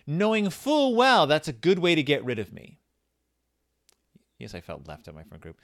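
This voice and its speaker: Male comic podcast host, past thirty, lively swooping delivery, rambling and self-deprecating. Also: a little high, fairly quick. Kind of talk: comic monologue answering questions from a children's book.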